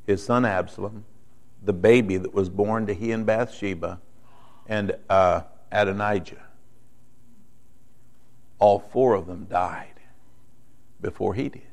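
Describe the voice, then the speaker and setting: A man preaching a sermon in a conversational way, often checking in with the room and moving between quiet explanation and emphatic points. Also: on the low side. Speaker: pastor.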